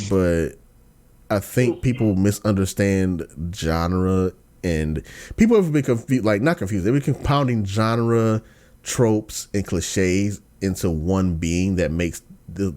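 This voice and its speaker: A man hosting a podcast in casual chat, slangy and ranting, dropping to low mumbles and then bursting into excited outbursts. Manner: slangy, lots of fillers and restarts. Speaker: podcast host.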